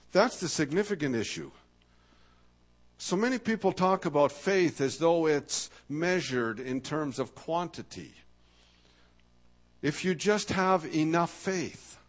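A man with a slightly high voice preaches a sermon. He talks in a thoughtful, searching way, slows down to weigh key words and leans on rhetorical questions. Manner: thoughtful, searching delivery with slow emphatic stresses and rhetorical questions. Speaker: pastor.

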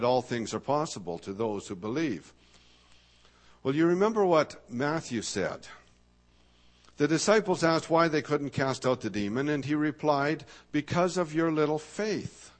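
A man with a slightly high voice preaches a sermon. He talks in a thoughtful, searching way, slows down to weigh key words and leans on rhetorical questions. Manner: thoughtful, searching delivery with slow emphatic stresses and rhetorical questions. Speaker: pastor.

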